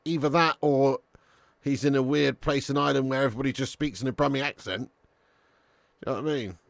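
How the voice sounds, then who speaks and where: A man's voice: mid-range voice, brisk, vocal fry, no room sound. A young man chatting through a live football watch-along, swearing, bantering and reading viewer comments aloud. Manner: animated, sweary banter, reads chat aloud.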